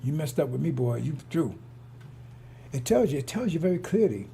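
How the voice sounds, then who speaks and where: A man's voice: fairly high pitch, very animated, normal speed, creaky, mellow, breathy edge. A middle-aged man giving a casual preaching monologue as a religious commentator, rambling and repetitive, blunt and profane.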